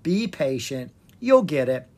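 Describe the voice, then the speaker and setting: A patient wandering bard from a children's storybook, steady and reassuring, as a narrator puts him on. The voice moves lively through its pitch with a faint breathiness and an air of quiet authority. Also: slow pace. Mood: encouraging. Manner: steady, commanding when urgent. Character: calm wandering male bard, patient teacher.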